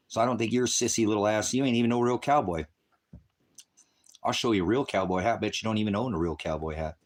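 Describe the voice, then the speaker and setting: A man ranting angrily on a livestream, taunting and cursing at viewers in a combative, profane way, partly outdoors on his farm and speaking into a phone camera. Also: on the low side. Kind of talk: angry livestream rant at chat.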